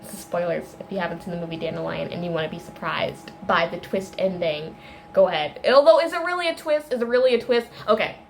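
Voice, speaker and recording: A woman in a casual video, ranting about a film in a rambling, animated way, full of restarts and tangents. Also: on the low side, quick pace, gravelly, slight background noise. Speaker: video creator.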